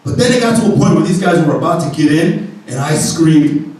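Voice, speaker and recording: A man doing stand-up, telling a long story in an animated way and swearing freely. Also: on the high side, a little fast. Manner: animated, profane. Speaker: stand-up comedian. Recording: echoey room, distant mic.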